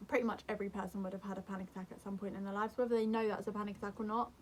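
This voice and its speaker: A young woman vlogger giving calm, earnest advice to camera in a gentle, soothing way. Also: medium pitch, racing. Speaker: mental health vlogger.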